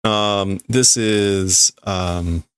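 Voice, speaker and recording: A man's voice: low-pitched, fairly even intonation, very slow, a bit bright, smooth, dry recording, studio quality. A man livestreaming as he reads and translates manga in a casual way, thinking aloud and often stopping to correct himself.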